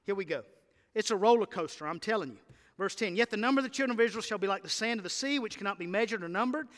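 High, bright-voiced male preacher in a hall. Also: animated, rapid-fire. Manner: impassioned, builds to loud emphatic lists. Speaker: pastor. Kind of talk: sermon. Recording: church hall reverb.

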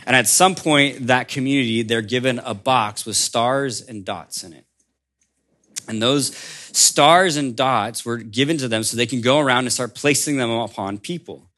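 A man preaching a sermon as a pastor, in a conversational storytelling way that drops soft for emphasis. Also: mid-range voice, normal speed.

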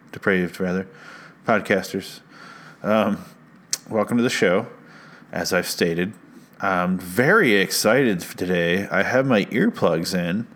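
A man with a fairly low voice hosts a comedy podcast, rambling and sarcastic, often poking fun at himself. He talks close into a studio mic. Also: fairly bright tone. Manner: rambling, sarcastic, self-mocking. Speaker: podcast host. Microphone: studio mic with headphones.

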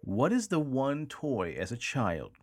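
A man's voice: mid-range voice, dry recording, studio quality. A man co-hosting a podcast, joking and laughing in casual chat. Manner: joking, animated, quick to laugh. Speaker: podcast co-host.

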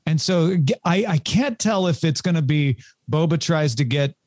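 Rambling man with a higher voice. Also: expressive, normal speed, a little mellow, no room sound, clean studio sound. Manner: rambling, restarts often. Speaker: podcast co-host. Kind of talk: casual chat.

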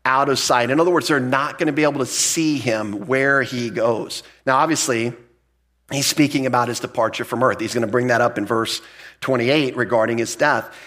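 A man's voice: normal speed, a bit bright. A man preaching a verse-by-verse sermon as a pastor, talking to the congregation in a conversational, emphatic way and often restarting his words. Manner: jumps up in pitch to stress key points. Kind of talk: expository sermon.

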